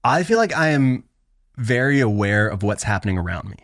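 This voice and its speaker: A man's voice: fairly quick, no echo, clean studio sound. A man co-hosting a casual sports podcast, telling stories with growing animation. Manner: animated storyteller, rising pitch when worked up. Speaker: podcast co-host.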